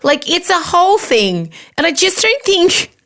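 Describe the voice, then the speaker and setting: A woman's voice: very high-pitched, sing-song, measured pace, a bit bright. A woman in her forties with an Australian accent, hosting a podcast in a chatty, self-mocking storytelling manner. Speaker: podcast host. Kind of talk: casual monologue.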